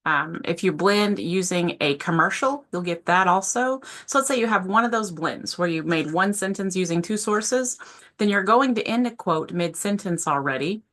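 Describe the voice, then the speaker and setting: A woman's voice: on the low side, animated, normal speed, a bit bright. A woman instructor giving a casual, informal screen-share tutorial from a home office, often correcting herself mid-sentence. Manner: chatty, self-correcting, informal. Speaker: composition instructor.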